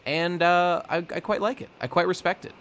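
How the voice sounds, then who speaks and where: A man's voice: high-pitched, fairly even intonation, moderate pace, a bit bright. Guy on a podcast just rambling, lots of like and uh, bit of hiss. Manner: rambling, many fillers and restarts, laughs often. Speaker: podcast co-host. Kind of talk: casual chat.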